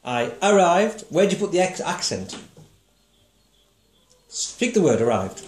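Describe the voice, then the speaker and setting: Patient man teaching songwriting, slightly high. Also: sing-song, unhurried, darkish tone. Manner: patient, encouraging, asks guiding questions; sings short notes to demonstrate. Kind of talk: one-to-one music lesson.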